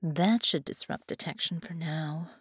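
A woman reads a menacing female shapeshifter who gloats over her captive. The voice sits low and breathy, sighing out each threat and sometimes falling to a whisper. It is recorded dry and close for an audiobook. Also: a little slow, dry recording. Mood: gloating.

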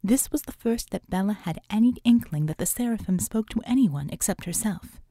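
A woman narrating a novel with measured, often hushed storytelling. Her voice is mellow and breathy, recorded dry and close with no room sound. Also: mid-range voice, animated, no room sound. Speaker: audiobook narrator. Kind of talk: scripted narration.

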